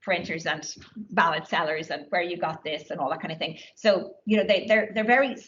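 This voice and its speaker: A woman's voice: lowish voice, brisk, fairly bright tone, dull audio. A woman giving a lecture and taking questions, talking with many fillers and restarts. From Ireland. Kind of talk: academic talk with audience questions. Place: lecture room.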